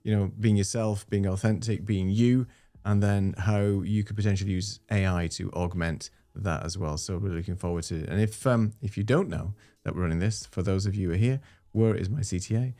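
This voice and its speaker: Gravelly low-voiced male livestream host. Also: steady tone, fairly quick, hardly any pauses, mellow. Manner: chatty, easygoing, with frequent fillers. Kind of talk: casual live stream chat.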